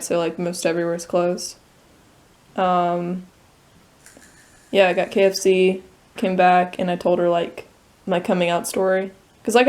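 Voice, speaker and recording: A woman's voice: fairly low pitch, darkish tone. A woman vlogger chatting casually, telling a story with lots of fillers. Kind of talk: casual chat.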